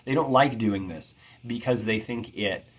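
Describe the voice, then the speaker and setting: A man giving an earnest, expressive lecture on poetic meter, sounding out rhythms as he teaches. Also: fairly low pitch, unhurried, husky. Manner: earnest and expressive, tapping out rhythms with spoken syllables. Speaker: poetry teacher.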